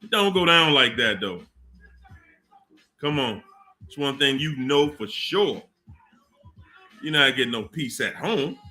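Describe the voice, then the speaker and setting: A man hosts a casual livestream, greeting viewers one by one in an unhurried, drawn-out way. His voice is bright and sits a little high. Faint music plays underneath. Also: big pitch swings. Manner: slow, drawn-out shout-outs with laughs. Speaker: livestream host.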